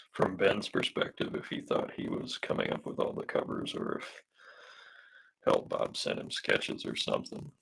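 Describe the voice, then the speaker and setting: Hoarse male artist on a live stream, deep and gravelly, rambling, filler-heavy chat. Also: fairly bright tone, rough recording. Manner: rambling, hesitant, many fillers, reads out viewer comments. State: losing his voice from smoke. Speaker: comic artist streaming a live drawing session. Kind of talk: casual live-stream chat while drawing.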